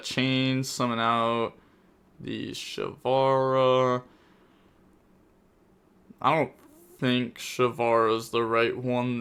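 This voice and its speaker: Hosting gameplay commentary on a card game replay, a young man talks fast in a smooth, mid-range voice that's bright and forward. His opponent's misplays exasperate him into loud outbursts, after which he returns to rapid-fire analysis.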